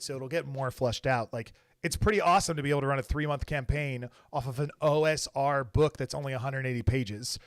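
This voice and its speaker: Casual stream host, male, smooth and resonant, dry close sound, rambling. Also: medium pitch, dry recording. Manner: rambling, loose, many fillers. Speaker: host and game designer. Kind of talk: casual wrap-up chat on a live stream.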